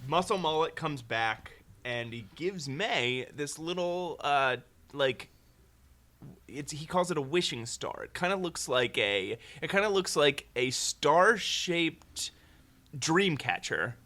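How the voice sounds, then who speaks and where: A podcast host chatting casually as he recaps a movie with a joking edge. His fairly high voice swings widely in pitch. The tone is bright and lively. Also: takes it slowly. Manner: animated, joking plot recaps. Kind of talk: casual comedic chat.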